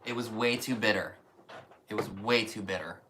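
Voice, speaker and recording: A man co-hosts a casual live stream and talks in an expressive, opinionated way. His voice sits low but sounds bright and forward. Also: moderate pace, a little hiss or hum. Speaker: co-host.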